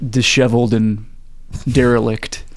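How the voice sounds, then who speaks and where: A man's voice: mid-range voice, level tone, a little slow, no room sound. A man co-hosting a podcast, recapping a movie in easygoing chat and acting out lines with a laugh. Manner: easygoing, laughs a lot, acts out lines from the film. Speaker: podcast co-host.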